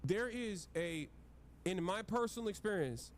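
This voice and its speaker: A man in a played stream clip, explaining his view in a halting, lecturing way. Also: high-pitched, animated, a little hiss or hum. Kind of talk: explaining, casual.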